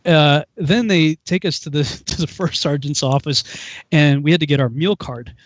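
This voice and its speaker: A man's voice: fairly high pitch, moderate pace, no room sound, lo-fi sound. A man co-hosting a talk show, telling a story casually and laughing often as he goes. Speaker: co-host.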